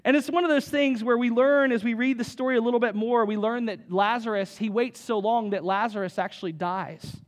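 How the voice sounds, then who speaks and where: A man with a high voice preaches to a church congregation. He keeps it casual and plain-spoken, with rhetorical questions and an easy bit of humor. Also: brisk, hardly any pauses. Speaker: pastor. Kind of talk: sermon.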